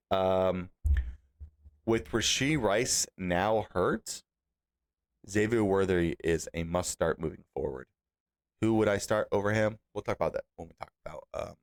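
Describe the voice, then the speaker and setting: A young man with a fairly low voice talks through a fantasy football recap on his own. He gets animated and exasperated as he scolds the team managers over their lineups. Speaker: podcast host.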